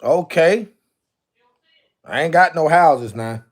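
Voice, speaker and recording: A man on a livestream goes through jerseys, chatting casually and exclaiming to himself in a drawl. He speaks slowly, his slightly high voice carrying lively intonation.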